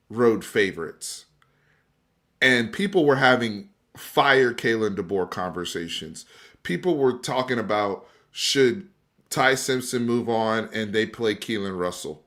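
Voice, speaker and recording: A man's voice: lowish voice, animated, takes it slowly, a bit bright. A man hosting a casual sports debate on a live stream, emphatic and conversational, talking straight to his viewers and restarting words as he gets going. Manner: repeats and restarts words when fired up. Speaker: sports talk show host.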